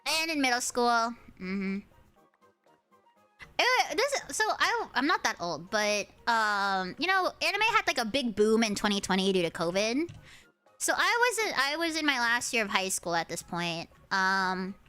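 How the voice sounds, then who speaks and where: A woman in her early twenties with a high, cute, anime-girl-like voice, chatting and ranting with lots of swearing while streaming a game. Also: a little slow, smooth, faint music behind. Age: early 20s. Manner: animated ranting with frequent swearing. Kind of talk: casual gaming stream chatter.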